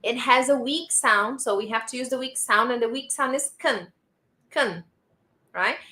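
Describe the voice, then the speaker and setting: A woman's voice: fairly high pitch, moderate pace, sharp tone. A woman teaching a live online English lesson, patiently repeating model sentences for her students. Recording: roomy echo.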